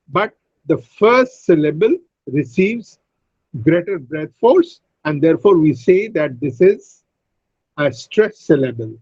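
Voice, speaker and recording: A man teaching pronunciation in an online class. He explains slowly, repeats key words and uses frequent fillers. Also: sits high, dry recording, muffled recording. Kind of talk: online English phonetics lecture. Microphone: video call.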